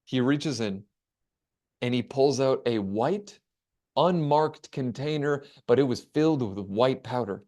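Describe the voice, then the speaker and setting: A man giving a webinar keynote, telling a story with dramatic pauses and acting out the dialogue. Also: mid-range voice, expressive, warm tone. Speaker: keynote speaker. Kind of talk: storytelling talk.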